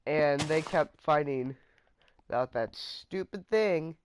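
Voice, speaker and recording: A man's voice: on the high side, slow pace, background noise. A man casually telling a story about his friends in a rambling vlog, trailing off with fillers.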